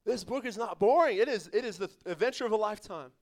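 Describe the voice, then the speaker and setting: A man's voice: high voice, expressive, quick pace. A man, a pastor, preaching an evening church sermon in an emphatic, conversational way, with laughs and asides to the congregation.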